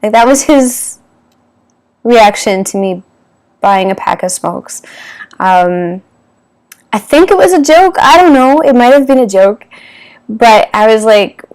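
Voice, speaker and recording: A woman's voice: fairly high pitch, lively intonation, slow, long pauses, darkish tone. A Canadian woman in her thirties telling a personal dating story to camera in a candid, rambling way, with many fillers and restarts. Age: 30s. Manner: candid, rambling, with frequent fillers and self-corrections. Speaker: vlogger.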